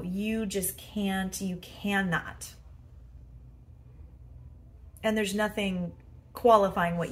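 A woman hosting a solo podcast from her bedroom as a head coach, chatty and self-deprecating, with many fillers. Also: medium pitch. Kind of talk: casual solo podcast monologue.

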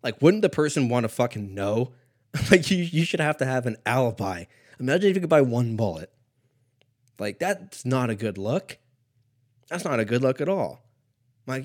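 A man in his thirties hosts a solo comedy ramble while a little stoned. He swears freely, loses his thread, and drifts from one hypothetical to the next in a mid-pitched voice. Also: big pitch swings, normal speed. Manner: profane, meandering, laughs at own jokes. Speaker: podcast host.

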